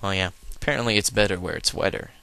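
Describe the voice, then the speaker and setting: A man's voice: low-pitched, fast talker, vocal fry, bright, forceful tone, a little hiss or hum. A man giving casual, rambling and joking commentary over a video game he plays. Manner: rambling, joking, lots of fillers. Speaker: let's play host.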